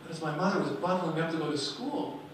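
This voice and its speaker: A man voicing a firm, calm female schoolteacher who speaks in a measured, stern way. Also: fairly high pitch, slight background noise, lightly acted. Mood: storytelling. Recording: echoey hall, speaker far from mic.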